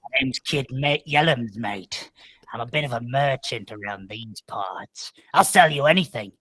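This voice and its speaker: A man's voice: mid-range voice, lively intonation, measured pace, sharp tone, breathy edge, dry recording, heavily acted. A man voicing a small, pushy male goblin merchant with a squished, pinched voice. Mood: salesy.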